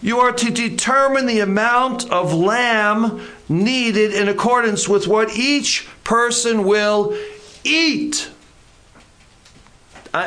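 A pastor delivers a sermon in a notably high voice, leaning on key words again and again. He slows down to stress his points and drops into casual asides. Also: pushed and bright. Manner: deliberate, repetitive emphasis, folksy asides.

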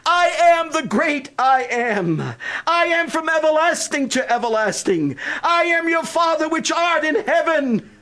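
A man with a strikingly high voice preaches a sermon to a congregation. His delivery climbs into ringing, stretched-out shouts of proclamation, then falls back to a soft, intimate call. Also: expressive. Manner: rises into shouted, drawn-out proclamations, then drops to a hushed altar call.

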